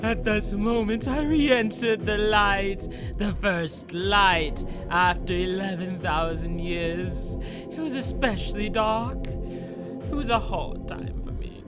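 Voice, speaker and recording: A woman's voice: mid-range voice, slow pace, close to an everyday voice. A woman reading a grandiose male villain's lines aloud in a put-on theatrical voice, stumbling over words. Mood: boastful. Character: ancient grandiose male villain, self-proclaimed god. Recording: game music playing behind.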